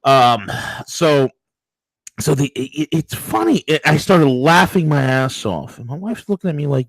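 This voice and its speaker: A man co-hosting a political talk show, telling stories in a mocking, crude, animated way. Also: on the high side, normal speed, creaky, no room sound, rough recording. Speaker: co-host.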